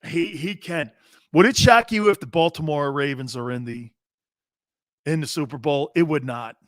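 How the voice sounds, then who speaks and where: A man hosting a sports talk show, rambling loudly with jokes and swearing. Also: fairly high pitch, moderate pace, dry recording, studio quality. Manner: loud, rambling, jokey, swears freely. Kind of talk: casual sports talk monologue.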